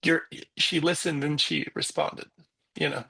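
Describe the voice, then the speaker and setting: A middle-aged man with a husky, breathy voice tells a personal story as a guest. He is animated and acts out each person in the story as he goes. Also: on the high side, unhurried. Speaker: guest coach.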